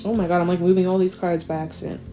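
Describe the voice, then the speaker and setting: A woman's voice: lowish voice, little pitch movement, very fast, warm tone, faint music behind. A woman giving a casual, chatty tarot reading in an encouraging tone. She sometimes swears and acts out anxious inner voices. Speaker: tarot reader.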